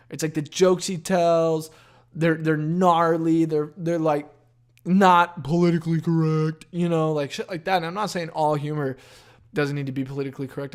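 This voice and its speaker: A young man hosting a casual solo podcast outdoors, rambling and profane with lots of fillers. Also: fairly high pitch. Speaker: podcast host.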